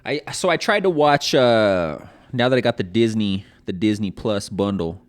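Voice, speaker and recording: Low-voiced man rambling in casual chat. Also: expressive, normal speed, dry recording. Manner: rambling, profane, full of fillers and restarts. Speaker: podcast co-host.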